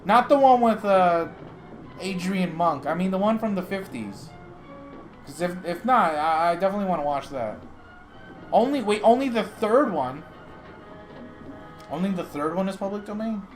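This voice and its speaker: A man's voice: high-pitched, lively intonation, moderate pace, long pauses, soft background music. A man hosting a livestream, chatting casually, joking and swearing as he thinks aloud. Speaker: livestream host.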